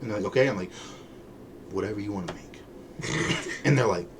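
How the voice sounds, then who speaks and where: A man co-hosting a podcast, chatting casually and telling lively stories, acting out the people he quotes and laughing often. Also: lowish voice, normal speed, background noise. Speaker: podcast co-host. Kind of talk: casual chat.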